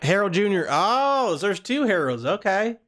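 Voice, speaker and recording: A folksy Southern man, as a male podcaster puts him on, talks on a phone prank call, drawling and rambling as he calls the other man sir and son. The voice sits higher than the performer's own. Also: very animated, a little slow, a bit bright, full character voice. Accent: American Southern (put on). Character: folksy Southern man calling about car repair. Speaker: prank caller.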